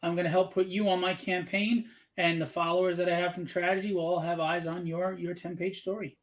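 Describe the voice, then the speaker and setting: A man's voice: high voice, flat delivery, a little fast. A man co-hosting a casual live drawing stream, chatting and joking while plugging his book.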